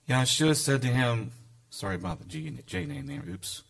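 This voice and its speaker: A man's voice: a little high, normal speed, gravelly, a bit bright. A man teaching a Bible lesson in a conversational sermon style, reading verses aloud and adding casual asides.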